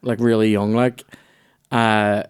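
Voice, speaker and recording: A man's voice: lowish voice, level tone, takes it slowly, clear, resonant tone. A man in casual comedy podcast chat, telling rambling, sweary anecdotes. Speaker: podcast guest.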